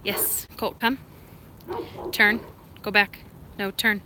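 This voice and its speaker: A woman hosting a casual live stream, talking to viewers, laughing often and giving short, firm commands to her excited dog. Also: medium pitch, slow, long pauses, slight background noise. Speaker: live-stream host training and feeding her service dog.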